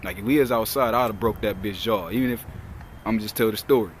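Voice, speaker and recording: Young dude ranting a work story outside, cussing a lot, rambling, little bit of car noise behind. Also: male voice, on the low side, quick pace. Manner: heated, profane, rambling retelling. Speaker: vlogger. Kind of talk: casual storytelling.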